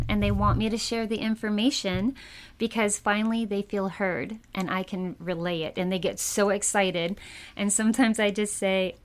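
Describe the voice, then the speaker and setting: A woman speaking as a psychic medium in a casual interview, telling her stories in a chatty, animated way and laughing often. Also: mid-range voice, normal speed.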